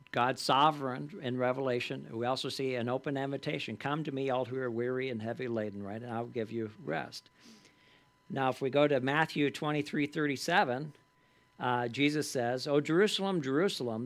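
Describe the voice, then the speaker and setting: Here a man with a mid-range, slightly bright voice runs a Bible study class like a conversation. Quick tag questions keep the group engaged, and he reads scripture aloud with added stress.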